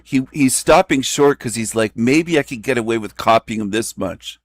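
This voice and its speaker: A man's voice: mid-range voice, normal speed, no room sound. Man, host, ranting reaction commentary, scornful, insulting, repetitive, dry sound.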